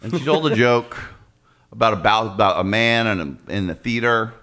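A man co-hosting a casual chat, telling stories in an animated way and acting out quoted voices. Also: on the low side, normal speed.

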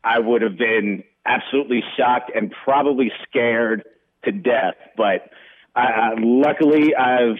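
A man from Ohio calling in to a radio show to tell his wife he loves her, earnest and halting with repeated words. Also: medium pitch. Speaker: caller. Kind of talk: phoned-in dedication. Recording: phone line.

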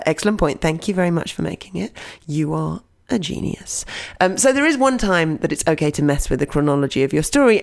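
A woman storytelling coach talks straight to her listeners in an audio blog lesson, playful and direct. Her voice sits on the low side but swings widely in pitch, with a gravelly fry at phrase ends.

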